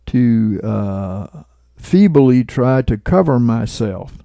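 Slow, very dark-voiced male preacher. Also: mid-range voice, dry recording. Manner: conversational, checks in with listeners with "right?" and "okay?"; chuckles at his own remarks. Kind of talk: informal sermon retelling and interpreting a dream.

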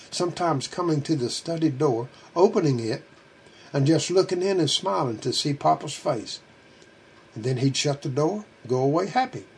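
Earnest husky-voiced male preacher. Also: on the high side, a little mellow. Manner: earnest, pleading, rhetorical questions. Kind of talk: sermon.

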